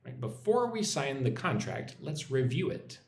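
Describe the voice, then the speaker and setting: A man teaching English on a live stream, his pitch rising and falling a lot as he explains each sentence. He repeats key words and keeps checking in with "right?". The room gives his voice a clear echo. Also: very animated, unhurried, a little hiss or hum. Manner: patient, repeats and explains, often asks "right?".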